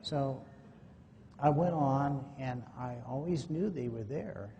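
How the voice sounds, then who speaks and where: A man with a mellow, darker voice tells a personal story at a conference in a folksy manner, voicing the people in it as he goes. He speaks into a microphone in a big hall with a long echo. The old recording carries a faint hiss behind him. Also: takes it slowly, creaky, highs cut off. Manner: folksy, acts out quoted dialogue. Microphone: microphone at a podium or in hand. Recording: echoey hall, faint noise, low-quality 2009 recording.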